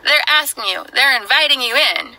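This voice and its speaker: A woman's voice: sits high, lively intonation, normal speed, sharp tone, low-quality recording. A woman speaking earnestly straight to the viewer in a played clip. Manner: earnest, lectures the viewer directly. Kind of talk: earnest direct-to-camera address.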